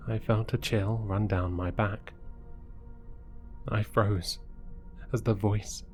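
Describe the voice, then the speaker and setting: A man with a fairly low voice reads a horror story in a slow, measured way, taking his time over every line. Faint music plays softly behind him. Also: steady tone. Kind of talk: scripted horror narration.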